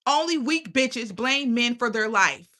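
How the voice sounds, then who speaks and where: A young adult woman hosts her own channel in a casual livestream rant, blunt, profane, and preachy, firing questions at her viewers. Her voice is on the high side with lively intonation and a sharp tone, at a measured pace.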